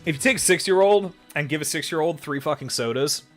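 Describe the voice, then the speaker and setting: A man's voice: on the high side, quick pace, soft background music. Profane, rambling man giving game-master tips. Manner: loose and profane, swearing casually; thinks aloud, lots of fillers and trailing off. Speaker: dungeon master giving advice. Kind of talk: casual tutorial while typing notes.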